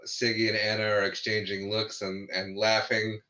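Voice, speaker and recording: Bright-voiced man recapping a movie. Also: on the low side, completely flat delivery, moderate pace, lo-fi sound. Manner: laughs often while recounting scenes. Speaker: podcast co-host. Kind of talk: casual movie recap chat.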